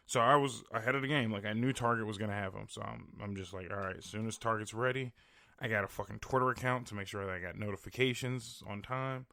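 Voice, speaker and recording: A man's voice: on the low side, fairly bright tone, dry recording, studio quality. A tired man from the American Midwest hosting a podcast, ranting in a profane, exasperated way and laughing often. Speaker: podcast host. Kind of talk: casual solo rant.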